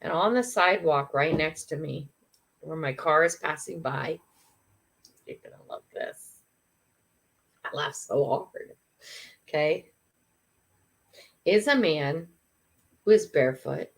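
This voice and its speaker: An older woman hosting a morning livestream, telling a funny story in a chatty, animated way. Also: sits low, a little slow, gravelly, pauses often. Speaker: livestream host.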